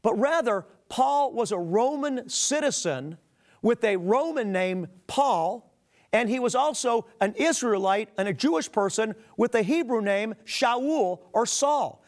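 A man's voice: extremely high pitch, expressive. A man preaching a sermon, earnestly reading scripture aloud and calling his listeners "beloved". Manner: reads scripture aloud with emphatic pauses.

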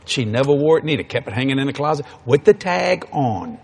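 A man's voice: medium pitch, expressive, brisk, vocal fry, darkish tone, slightly rough. A man preaching a sermon, telling folksy stories in an emphatic way.

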